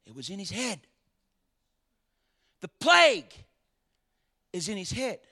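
A man preaching a sermon, swinging dramatically between shouted lines and hushed ones. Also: high-pitched, big pitch swings, slow.

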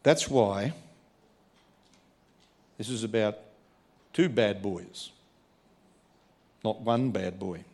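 A man's voice: on the low side, extremely slow, creaky, pauses often. Emphatic preacher man. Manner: emphatic, swings from quiet asides to raised preaching. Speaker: pastor. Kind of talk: sermon.

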